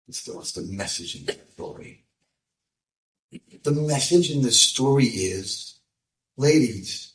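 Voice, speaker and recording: A rabbi telling a story to a live audience, moving between hushed passages and loud, emphatic bursts. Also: male voice, mid-range voice, lively intonation, normal speed. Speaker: rabbi and speaker. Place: room with an audience. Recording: echoey room, voice from a distance.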